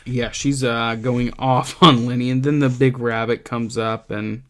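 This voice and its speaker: A man teaching a literature lesson in a thoughtful, conversational way, pausing with ums as he reads aloud passages from a novel. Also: medium pitch, fairly even intonation.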